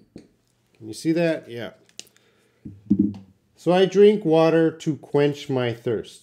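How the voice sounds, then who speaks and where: A man teaching English in a live question-and-answer stream, reading out viewer questions and explaining with patient restarts and fillers. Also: a little high. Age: young adult.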